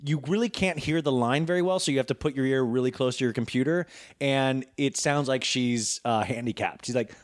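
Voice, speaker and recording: A man who is an actor, a guest on a casual podcast, talking excitedly and imitating characters and sounds. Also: medium pitch, fairly quick. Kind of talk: casual chat.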